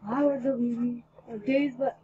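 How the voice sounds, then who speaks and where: A woman's voice: a little high, fairly even intonation, normal speed, far from the mic, lightly acted. A woman voicing a lazy, laid-back male skeleton as she reads her story aloud, keeping close to her own voice. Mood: casual. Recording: dull lo-fi recording, faint hiss.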